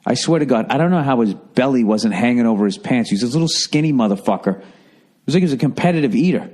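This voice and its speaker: A man in his fifties with a Boston accent, hosting a podcast and telling a profane, animated comedic story. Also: mid-range voice, fast. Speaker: podcast host. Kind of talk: casual comedic monologue.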